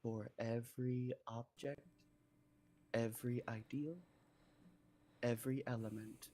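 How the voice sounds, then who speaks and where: A man voicing an ancient female nature spirit who speaks slowly and solemnly, sometimes dropping into a whisper. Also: medium pitch, steady tone, mellow, slight background noise, close to an everyday voice. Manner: slow, solemn, drifting into whispers.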